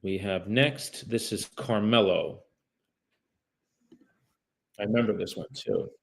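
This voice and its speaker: A man with a low, gravelly voice makes cold calls on a livestream, talking casually and directly to his viewers. On the phone he turns polite and apologetic. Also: takes it slowly. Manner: chatty, addresses viewers directly. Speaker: real estate agent.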